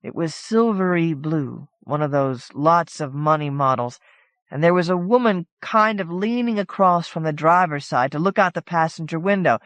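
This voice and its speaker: A woman's voice: sits low, normal speed, dry recording. A woman reading a short story aloud in a casual, conversational first-person telling. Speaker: audiobook narrator. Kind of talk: scripted narration of a short story.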